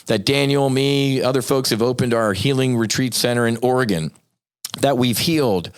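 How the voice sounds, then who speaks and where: A man with a somewhat low voice, speaking as a podcast guest and nonprofit founder. He rants in a profane, rambling way and slips sarcastic asides into his argument. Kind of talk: impassioned podcast rant.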